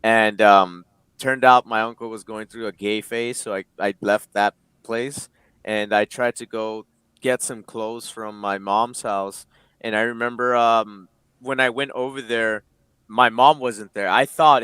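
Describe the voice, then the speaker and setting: A man's voice: lowish voice, steady tone, unhurried, fairly bright tone, smooth, no room sound. Candid man in his late twenties. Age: late 20s. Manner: emotional, swears freely, acts out quoted dialogue. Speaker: interview guest. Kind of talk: candid personal storytelling.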